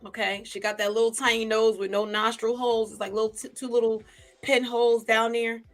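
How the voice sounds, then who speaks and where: A woman vlogger, gossiping in casual commentary to a live chat, chatty and animated. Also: fairly high pitch, a little fast, soft background music.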